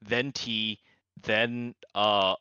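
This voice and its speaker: A man with a very low but bright, crisp voice chats on a stream. He jokes around loosely with lots of fillers. The sound is a little dull and lo-fi, like a voice-chat feed. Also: flat delivery, very slow, dry recording. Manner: loose, joking, filler-heavy. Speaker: co-player on a stream.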